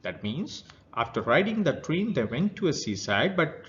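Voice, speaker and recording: A man's voice: fairly high pitch, sing-song, normal speed, fairly bright tone, dull audio. A male teacher with an Indian English accent who reads a children's story aloud and then retells each passage in simple words. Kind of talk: reading a story aloud and explaining it.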